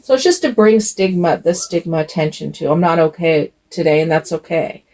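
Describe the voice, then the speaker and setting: An older woman hosting her own doll channel, talking to camera in a gentle, chatty, rambling way. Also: low voice, moderate pace, low-quality recording. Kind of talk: casual talk to camera.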